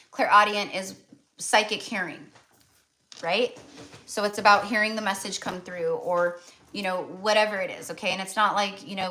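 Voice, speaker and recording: A woman's voice: mid-range voice, bright, forceful tone. An American woman giving a casual tarot reading, chatty and full of fillers and restarts. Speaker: tarot reader.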